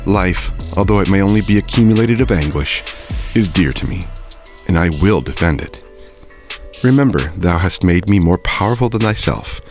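A man's voice: deep voice, lively intonation, moderate pace, faint music behind. A man reading aloud as an anguished, eloquent male monster who pleads solemnly with his maker. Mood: pleading. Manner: solemn, formal pleading speech. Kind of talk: book reading.

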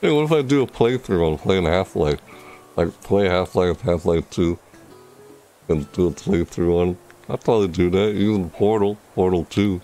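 A man streaming a game, chatting casually and rambling with jokes, sometimes breaking into loud high squeals. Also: moderate pace, faint music behind. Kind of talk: casual gameplay commentary.

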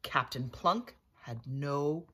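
A woman reading a picture book aloud as storyteller, expressive and playful. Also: low voice, takes it slowly, slightly rough.

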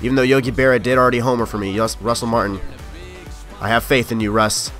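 A young man giving live commentary on his own gameplay, excitable and quick to shout or grumble at the game. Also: medium pitch, faint music behind. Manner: excitable, yelling at the game, frustrated outbursts. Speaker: gaming YouTuber.

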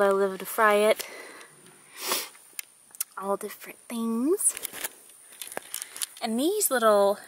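A woman's voice: medium pitch, slight background noise. A woman, a little out of breath, chatting casually as she walks through her garden. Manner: chatty, upbeat, with fillers and little laughs. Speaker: vlogger giving a garden tour. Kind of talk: casual walking tour. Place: outdoor garden.

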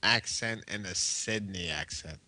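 A man co-hosting a casual late-night chat, animated and joking, swearing casually. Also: on the low side, measured pace, no room sound. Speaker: co-host.

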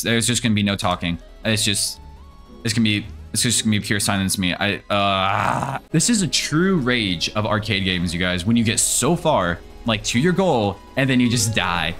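Here a young gaming video creator plays a horror game in a casual let's-play, his mid-range voice carrying vocal fry and a fairly bright tone. He sounds jittery and nervous, addressing the monsters as well as his audience.

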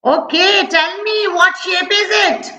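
A woman's voice: very high voice, slow pace, pushed and bright, echoey room, poor audio. A woman teaching an online preschool class, singing and coaxing the children with repeated questions. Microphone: video call.

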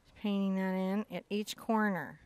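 A woman teaching an acrylic painting lesson, chatty and excitable, often bursting into giggly enthusiasm. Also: mid-range voice, moderate pace, dry recording. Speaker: art instructor.

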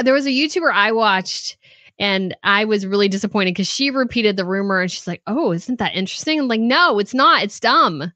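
A woman's voice: mid-range voice, pushed and bright, no echo. A woman hosting a royal news live stream, chatting casually, reading out viewer comments and answering them with frequent laughs. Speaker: host of a royal news channel.

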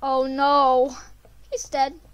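A woman commentating her gameplay, excitable and prone to screaming when chased. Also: high voice, drawn-out words. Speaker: gamer.

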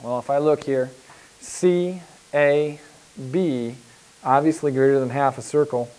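A math teacher with a voice on the high side, darkish in tone, speaks a little slowly with fairly even intonation in a recorded geometry lecture of poor audio quality. Patient and repetitive, he works through board examples with frequent fillers like "uh" and "okay."

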